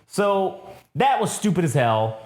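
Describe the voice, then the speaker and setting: A man's voice: high voice, big pitch swings, unhurried, a little mellow. A man co-hosting a wrestling review podcast, with a voice that swoops up and down as he rants. He swears constantly and talks emphatically in casual chat. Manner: profane, ranting, emphatic. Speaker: podcast co-host.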